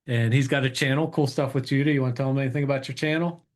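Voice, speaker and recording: A middle-aged man hosting a casual show and reading jokes aloud in a relaxed, upbeat way with some fillers. He sits a little away from the microphone. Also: mid-range voice, very fast, soft background music. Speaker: podcast host. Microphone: table mic set away from the speakers.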